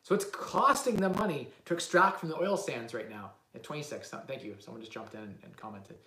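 A young Canadian real estate investor hosts a relaxed livestream, answering live questions in a confident ramble packed with fillers and restarts. His mid-range voice moves a little fast and has a sharp tone, captured in a roomy, echoing room.

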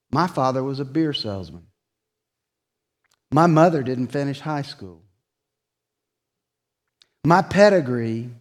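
A man preaching a sermon in a church, earnest and confessional, dropping from emphatic lines to soft, hushed ones. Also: on the high side. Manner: earnest, confessional, swings from loud emphasis to soft near-whisper. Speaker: pastor. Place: church sanctuary.

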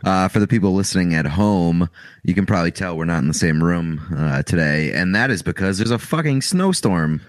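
A man's voice: low voice, expressive, a little fast, no room sound, studio quality. A man with a Boston accent co-hosting a casual podcast, telling stories in a wry, laid-back way. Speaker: podcast co-host. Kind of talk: casual chat. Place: remote from co-host, snowstorm.

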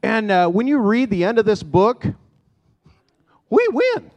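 Man pastor with a somewhat high voice, upbeat encouraging sermon to the congregation. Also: wildly swooping pitch, measured pace. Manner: encouraging, preacherly. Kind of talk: church sermon. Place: church sanctuary.

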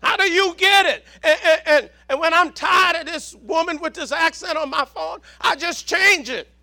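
A man with a Southern accent preaching a sermon, shouting for emphasis and repeating words. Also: extremely high pitch, moderate pace, gravelly.

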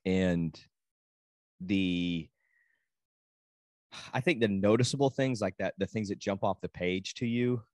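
A man's voice: low voice, slow, pauses often, no echo. A man in casual conversation, animatedly telling stories about his kids and acting out what people said. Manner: animated storyteller, acts out quotes. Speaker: podcast guest, father. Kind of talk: casual storytelling chat.

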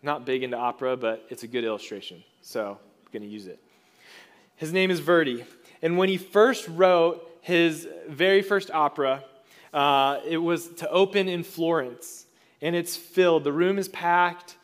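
A male pastor delivers a sermon in a fairly high voice. He talks in an earnest, conversational way and often restarts his phrases mid-thought. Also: normal speed.

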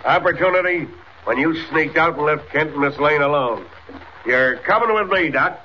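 An actor playing a gruff, blunt police sergeant with slangy, bullying speech, in 1940s radio acting. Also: male voice, fairly high pitch, moderate pace, natural voice. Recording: dull noisy 1940s radio recording.

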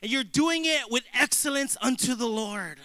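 A man preaching a sermon as a pastor, telling lively stories with humor and acted-out dialogue. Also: extremely high pitch, moderate pace, dry recording. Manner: animated storytelling preacher, jokes and acted-out dialogue.

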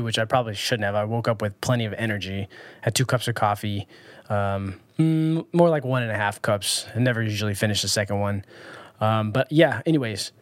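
A man's voice: lowish voice, dry recording. A man from Southern California talking casually about his day in a vlog, rambling with many ums and restarts. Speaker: vlogger.

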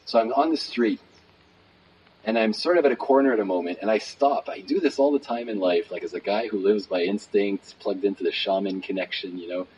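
A man telling a personal story as a guest, lively and casual with many fillers. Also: on the low side, a little fast. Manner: animated, acts out quotes, many fillers. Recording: dull recording with faint noise.

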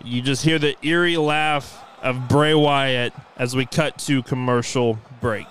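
A man's voice: medium pitch, steady tone, a little slow, a bit bright, slight background noise. A man narrating a wrestling show play-by-play in an eager manner, often stumbling and restarting.

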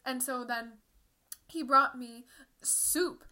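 A woman's voice: high-pitched, slow pace, pushed and bright. A young woman co-hosting a casual podcast, telling rambling stories full of fillers and giggles. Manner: giggly, rambling storyteller with lots of "like". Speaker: podcast co-host. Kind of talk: casual chat.

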